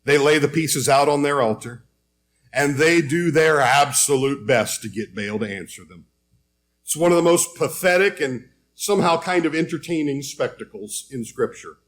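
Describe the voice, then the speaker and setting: A man's voice: on the high side, lively intonation, normal speed, fairly bright tone. A man preaching a sermon, telling a Bible story in a conversational way and reading scripture aloud.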